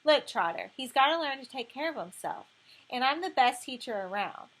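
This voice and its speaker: A tough, streetwise girl with a swagger, blunt and slangy, her voice sitting a touch high, as a woman reading aloud puts her on. The storybook reading stays close and plain, bossy and brash in every line. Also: sing-song, normal speed, fairly bright tone, heavily acted. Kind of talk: audiobook reading.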